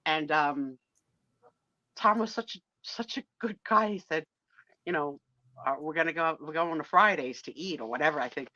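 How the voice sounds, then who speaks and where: Animated middle-aged woman co-host, bright lively voice, dull dry lo-fi stream audio. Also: deep voice, normal speed, long pauses, dry recording. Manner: animated, acts out voices in her stories. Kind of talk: casual storytelling chat.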